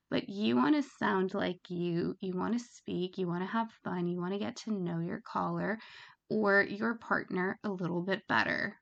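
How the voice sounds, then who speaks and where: A woman's voice: medium pitch, vocal fry, fairly bright tone, highs cut off. A woman giving frank, chatty tips on phone work in a casual instructional talk. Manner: frank, chatty, laughs at her own examples. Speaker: phone sex operator coach.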